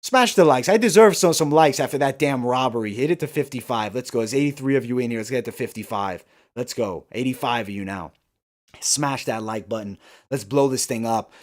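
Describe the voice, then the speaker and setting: A man with a medium-pitched voice and a slightly fast pace hosts a live fight-night stream. He answers viewers' comments and launches into heated, profanity-laced rants over the judging.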